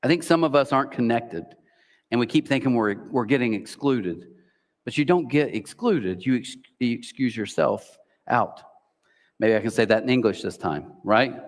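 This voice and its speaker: A man's voice: mid-range voice, animated, normal speed. A man in his forties, a pastor giving a conversational sermon full of personal stories, rambling casually and saying "like" and "literally" a lot. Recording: long reverb of a church hall.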